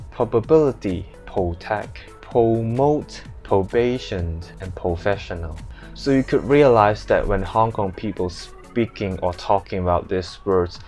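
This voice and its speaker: Malaysian man explaining pronunciation, low voice. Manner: lists example words slowly, then repeats them. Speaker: English pronunciation presenter. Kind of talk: casual explainer lesson.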